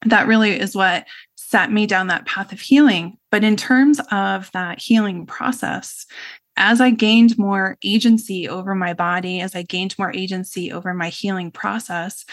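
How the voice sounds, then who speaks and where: A woman's voice: mid-range voice, measured pace. A middle-aged woman, a guest in an interview, telling a personal story in an earnest, reflective way, with frequent fillers like "you know" and "like".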